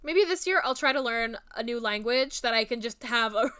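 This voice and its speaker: A young woman with a Jersey accent chats casually to her stream, rambling and giggling at herself. Her voice sits high and sounds bright and crisp, with a smooth, clean tone. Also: animated, moderate pace. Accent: New Jersey / Philadelphia area. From New Jersey, USA. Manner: rambling, giggly, self-mocking. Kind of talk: casual chat.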